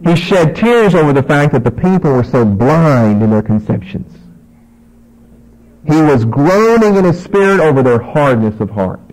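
A man's voice: fairly high pitch, sing-song, normal speed, a little mellow, rough recording. A man preaching a sermon, reading scripture aloud and acting out the dialogue with emphasis.

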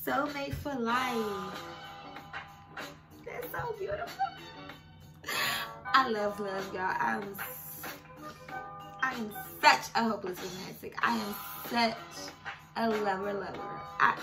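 A woman's voice: mid-range voice, slow pace. A woman doing a casual tarot reading who talks straight to her viewers and gets emotional. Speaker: tarot reader. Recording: music playing behind her.

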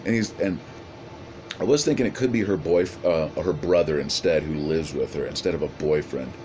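A man casually pitching a movie idea in a rambling, profane monologue full of restarts. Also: moderate pace, darkish tone, slight background noise.

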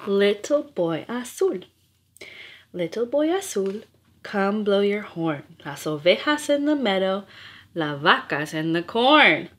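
A woman's voice: mid-range voice, very animated, slow, fairly bright tone. A woman reading nursery rhymes aloud in a playful, rhythmic, sing-song way. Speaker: storyteller.

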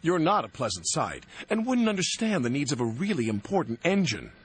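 A man's voice: a little high, sing-song, brisk, slightly rough, pitched above the performer's own voice, heavily acted. A man voicing a vain, boastful young male tank engine with a haughty manner.

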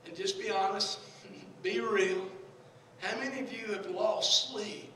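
A Southern US pastor preaching a sermon, swinging from shouted passages to soft hushed ones, recorded in a large church sanctuary from a distance. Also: male voice, high voice, takes it slowly, slight background noise. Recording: echoey church hall from far off.

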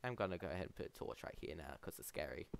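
A man's voice: extremely low pitch, animated, racing, vocal fry, very noisy. A man streaming a game, chatting casually and rambling to his chat, calling them bro. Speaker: gaming streamer.

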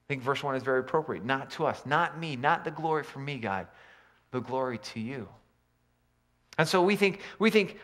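A man preaching a sermon, swinging between loud emphatic lines and quiet low asides. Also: expressive, normal speed. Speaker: pastor.

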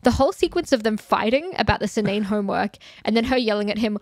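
A woman co-hosting a casual film chat podcast, animated and blunt, swearing freely and laughing often. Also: mid-range voice, fast, no room sound. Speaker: podcast co-host.

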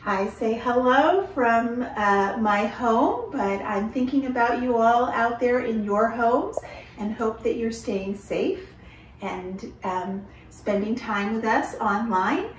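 A woman leading a children's movement and song lesson from her home, speaking in a slow, encouraging sing-song way. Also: a little high, slight background noise. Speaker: children's movement and music leader. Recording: echoey room, mic at a distance.

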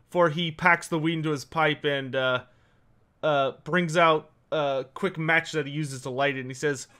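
A man narrating as game master of a tabletop game, halting often with fillers. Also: on the high side, a bit bright. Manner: halting, lots of uh.

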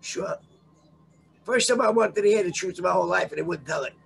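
A man's voice: high-pitched, a little fast, vocal fry, a little hiss or hum. An older man telling a long story with swearing and lots of animation, as a guest in a casual interview.

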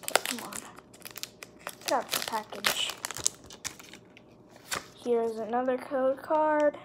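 An excitable woman unboxing trading cards, her high voice running unhurried as she names each card. She gushes over the rare pulls, and faint hiss sits under the camera-mic sound with wrappers crinkling nearby. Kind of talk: casual unboxing commentary.

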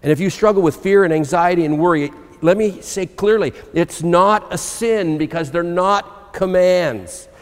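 This pastor's high voice moves at a moderate pace with few pauses. He preaches an earnest, personal sermon in a church sanctuary, reading scripture and telling his own story, all under a long hall reverb.

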